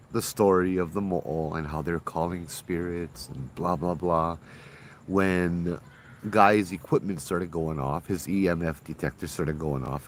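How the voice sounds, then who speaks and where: A man, a ghost tour guide telling spooky stories in a casual, animated way with local slang. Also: sits low, slight background noise. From Hawaii.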